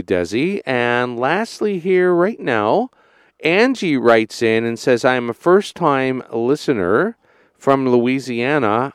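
A man's voice: mid-range voice, smooth, no echo, studio quality. A man co-hosting a talk show, reading listener emails aloud on air. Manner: lively, reads emails aloud.

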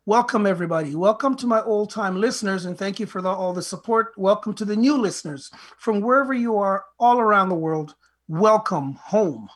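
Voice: medium pitch, brisk, slightly rough. A podcast host giving an earnest, motivational talk that is full of rhetorical questions and direct advice to listeners. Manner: earnest, preachy, asks many rhetorical questions; retells a fable in plain speech.

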